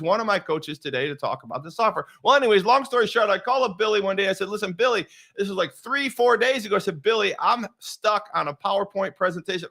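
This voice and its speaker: High, bright, animated male host. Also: vocal fry. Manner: animated storyteller, acts out quoted dialogue. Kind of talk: energetic show introduction.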